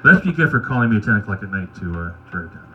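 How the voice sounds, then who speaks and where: A man doing stand-up, telling wry, crude anecdotes in a deadpan way. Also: lowish voice, very fast, muffled recording, slight background noise. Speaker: stand-up comedian. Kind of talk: stand-up storytelling at an open mic.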